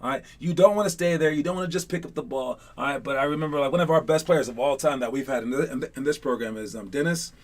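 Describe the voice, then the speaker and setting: A slightly high-voiced man leads a casual live online basketball session, talking loosely and filling gaps with ums and "dude"s. He rambles between tips and gets excitable while teasing his players. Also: quick pace, few pauses. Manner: chatty and rambling, many fillers and "dude"s. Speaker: basketball coach.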